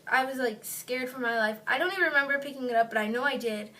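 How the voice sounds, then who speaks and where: High-voiced young woman rambling to camera. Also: fast talker, sharp tone. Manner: rambling, filler-heavy retelling. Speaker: vlogger. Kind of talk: casual storytelling to camera. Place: indoors at home, seated on a chair. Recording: distant mic, faint room hiss.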